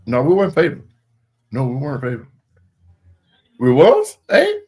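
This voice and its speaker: A man co-hosting a casual sports podcast, boastful and quick to argue about his team. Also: on the high side, huge pitch swings, dark tone, slightly rough. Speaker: podcast co-host.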